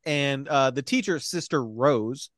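A man's voice: medium pitch, measured pace, no room sound, clean studio sound. A young man in casual chat, animatedly retelling a film's plot, acting out the characters' lines, swearing and laughing. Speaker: podcast co-host recapping a film.

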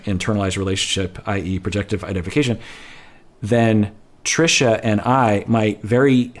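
Low-ish guy therapist explaining stuff slowly, keeps rephrasing himself mid sentence. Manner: measured, thinking aloud with self-corrections. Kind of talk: explanatory podcast talk.

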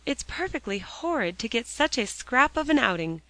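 A woman's voice: on the high side, very animated, moderate pace, pushed and bright, dry recording, voice pushed up, exaggerated voice. A woman voicing a sulky, hot-tempered schoolboy who grumbles indignantly, in a dry, close recording.

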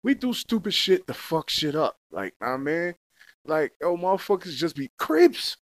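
A man's voice: a little high, very animated, a little slow, no echo. A young man in a casual, heated rant, full of slang and swearing, repeating himself as he goes. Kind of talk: casual profane rant to camera.

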